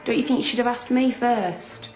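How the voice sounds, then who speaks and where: A woman's voice: fairly high pitch, moderate pace, a little mellow, faint music behind, natural voice. A woman playing a firm, protective mum. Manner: firm, direct, polite. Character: protective adult mother, firm but friendly. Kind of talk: film drama acting. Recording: roomy echo.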